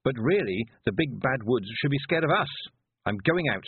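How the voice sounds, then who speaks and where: A man voicing a fierce young girl witch in a storybook reading, indignant and demanding in a husky voice. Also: medium pitch, expressive, moderate pace, no room sound, pitched above the performer's own voice. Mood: defiant. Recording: dry, phone-like narrow sound.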